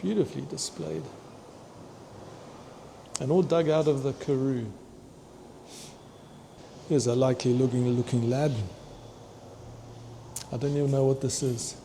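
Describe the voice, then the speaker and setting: Vlogger, male, mellow tone, eager museum-tour chatter, faint hum behind. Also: medium pitch, fairly even intonation, a little slow, vocal fry, pauses often. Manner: enthusiastic, chatty, stumbles over long names and laughs. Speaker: vlogger touring a fossil museum. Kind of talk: walking museum tour vlog. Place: indoor museum hall.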